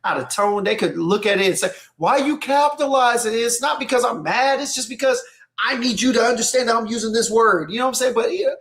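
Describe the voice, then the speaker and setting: A man with a high voice talks casually on a podcast. He is animated and keeps checking in with his listener. His delivery is loose and conversational. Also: fast talker. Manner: animated, repeats "you know what I'm saying". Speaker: podcast co-host. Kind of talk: casual chat.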